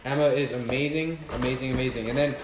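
A young man streams himself unboxing gifts, swearing freely and bursting into loud, excited exclamations. His voice rings in an echoey room, with faint clicks in the background. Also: medium pitch, fast talker, noisy background. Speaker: YouTube creator livestreaming an unboxing. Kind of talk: excited livestream unboxing chat.

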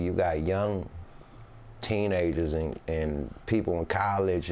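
A man's voice: deep voice, darkish tone. A man being interviewed as a rapper, talking in a loose, rambling way with Northern California slang and constant "you know what I mean". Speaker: rapper guest. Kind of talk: casual interview chat.

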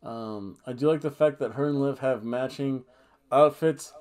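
His mid-range voice is smooth and a little mellow, moving at a moderate pace. Reviewing a wrestling show on a podcast he co-hosts, he rambles and jokes, a bit tipsy from red wine, breaking out in goofy chants and songs.

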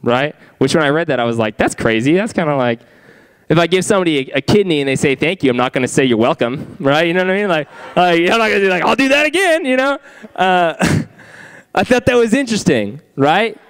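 Youth pastor, young man, higher voice, smooth and clear, keeps asking the room questions. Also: lively intonation, fairly quick. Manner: chatty, asks the audience questions. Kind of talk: youth group sermon.

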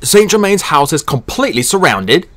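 A man's voice: on the high side, very animated, moderate pace, fairly bright tone, voice pushed up. A man voicing a rude, commanding immortal English magician in an audiobook, speaking in a snapping, authoritative way. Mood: imperious.

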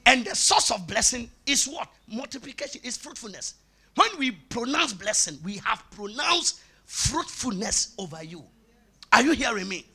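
Brief: high, bright, gravelly male pastor, lively shouted sing-song preaching. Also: moderate pace. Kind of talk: sermon.

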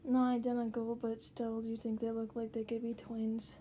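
Soft-toned woman giving a room tour. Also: fairly high pitch, completely flat delivery, moderate pace, slight background noise. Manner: chatty, rambling with fillers. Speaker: doll collector vlogger. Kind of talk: casual room tour vlog. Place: her bedroom.

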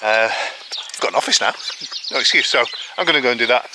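A man's voice: medium pitch, animated, fairly quick. Chatty man vlogging outdoors, birds behind. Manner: chatty, rambling, self-deprecating humor. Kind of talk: casual vlog chat. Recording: rural outdoor noise with birds.

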